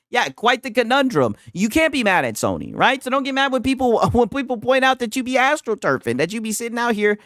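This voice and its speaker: Male streamer, mocking reaction commentary, slangy, animated pitch, dry close sound. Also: brisk, no room sound. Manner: mocking, laughing, slangy, replays and repeats lines.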